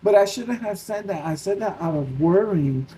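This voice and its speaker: A man with a New York accent, telling a personal faith story in a casual, animated way and acting out his own worried thoughts. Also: high-pitched, normal speed, slight background noise, low-quality recording. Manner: animated, restarts often, acts out his own panicked thoughts. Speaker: Christian vlogger.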